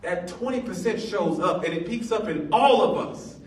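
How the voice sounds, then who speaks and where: A man's voice: high voice, animated, normal speed. A man in his forties, a pastor telling a funny story in a sermon, playful and laughing often. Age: 40s. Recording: echoey room, mic at a distance.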